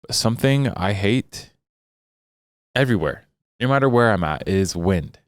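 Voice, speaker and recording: A man's voice: fairly low pitch, animated, moderate pace, no echo, clean studio sound. A young man co-hosting a podcast, chatting casually in a rambling, jokey way. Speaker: podcast co-host. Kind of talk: casual chat.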